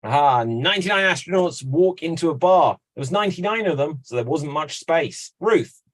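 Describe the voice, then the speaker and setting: A man hosting an online improv game over a video call, brisk, playful and teasing. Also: on the high side, animated. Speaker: host.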